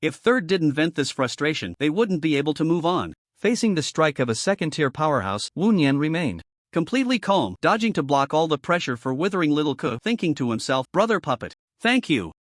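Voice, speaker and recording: A man narrating a story recap in a steady storytelling manner. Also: fairly high pitch, brisk, no echo, studio quality. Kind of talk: scripted narration.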